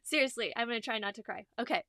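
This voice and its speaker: Woman podcast host, encouraging and heartfelt, bright crisp voice, dry close sound. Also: a little high, normal speed, dry recording. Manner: warm, emotional, encouraging. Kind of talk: interviewer on a business podcast.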